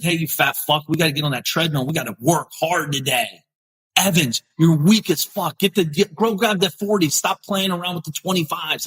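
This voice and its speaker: Reading viewer comments during a live session, this middle-aged podcast host delivers blunt, energized motivation and hammers home points by repeating phrases. His voice sits high with a fairly bright, slightly rough tone, heard through poor audio.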